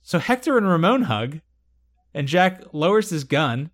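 A man's voice: on the high side, unhurried. A man hosting a podcast, casually recapping a TV episode and acting out lines with laughter. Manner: animated storytelling, acts out quotes with laughter. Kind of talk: casual chat.

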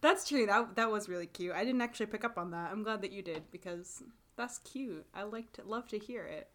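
A woman's voice: mid-range voice, fairly quick. A young woman co-hosting a podcast, chatting casually and laughing often as she recaps episodes. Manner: animated, laughs often, acts out quotes. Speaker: podcast co-host. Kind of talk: casual chat recapping a TV drama.

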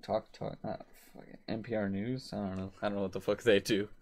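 Man, fairly low voice, blunt, swears a lot, dry jokes, casual chat. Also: level tone, a little fast, darkish tone. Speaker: co-host ranking bands.

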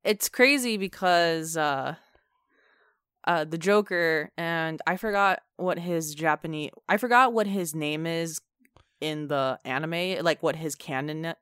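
A podcast co-host chatting casually about games, animated and full of fillers. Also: mid-range voice, takes it slowly, smooth, no echo, clean studio sound. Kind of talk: casual gaming chat.

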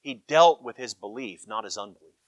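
A man preaching a sermon, emphatic and animated, swinging between loud cries and hushed asides. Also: mid-range voice, fairly quick, dry recording.

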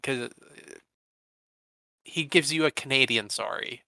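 Gravelly, bright-voiced man at play. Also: medium pitch, unhurried, no echo, low-quality recording. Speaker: tabletop game player. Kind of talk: in-character play and narration.

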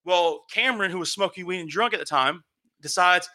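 A young man casually telling a long, animated story, swearing and acting out what people said. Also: high-pitched, fairly quick. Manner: animated, swearing, acts out quotes.

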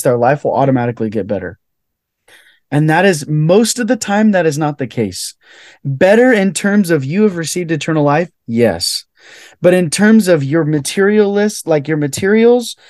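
A young man speaks as a podcast guest, telling a personal story with heartfelt earnestness and a steady stream of "like" fillers. His voice sits a little high for a man, and the sound is dry and close, with no room echo. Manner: heartfelt, fills speech with "like". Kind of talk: earnest personal testimony in conversation.

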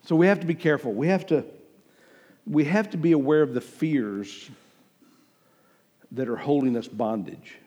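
A man's voice: fairly high pitch, normal speed, long pauses, dark tone, husky, big-room sound, dull audio. A man pastor preaching a sermon emphatically, swelling and dropping his volume and acting out the lines he quotes.

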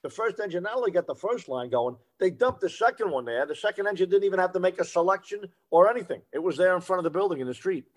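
A man co-hosting a podcast who talks shop about firefighting in a relaxed, explanatory way. His voice sits a little high for a man, and he often circles back to repeat a phrase for emphasis. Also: quick pace, hardly any pauses. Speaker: podcast co-host, veteran firefighter. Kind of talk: casual shop talk.

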